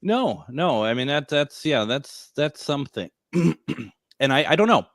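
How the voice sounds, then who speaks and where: A man's voice: on the high side, sing-song, a little slow, fairly bright tone, dry recording, clean studio sound. A man hosting a casual radio talk show, chatty and laughing often.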